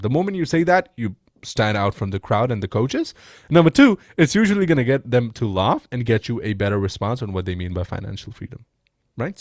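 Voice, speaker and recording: An animated man with a pitch that leaps up and down as he coaches on sales. He talks in a loose, slangy way, checking in with "right?" and calling people "bro". The sound is dry and close. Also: no room sound. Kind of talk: casual coaching breakdown.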